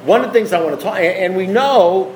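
Male recovery-meeting speaker, higher register, repetitive and emphatic, rhetorical delivery. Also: expressive, brisk, a little mellow, a little hiss or hum, rough recording. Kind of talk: impassioned talk to a group.

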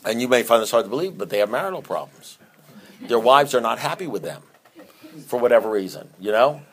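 A man's voice: mid-range voice, brisk. A middle-aged man who counsels divorcing couples and sponsors others in recovery, speaking off the cuff in a blunt, streetwise way, often restarting and repeating himself. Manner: rambling, repeats and restarts, animated at times. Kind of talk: unscripted talk.

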